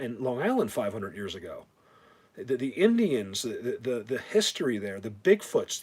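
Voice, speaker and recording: Middle aged guy rambling on a live stream, husky voice, lots of restarts and jokes. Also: mid-range voice. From New Jersey. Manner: rambling, joking, many restarts. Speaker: live video host. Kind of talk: casual rambling live chat.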